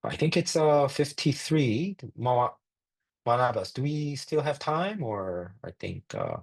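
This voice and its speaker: Gravelly-voiced man presenting medical cases. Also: medium pitch, very animated, unhurried, rough recording. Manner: plain, thinking aloud with frequent fillers. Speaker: physician lecturer.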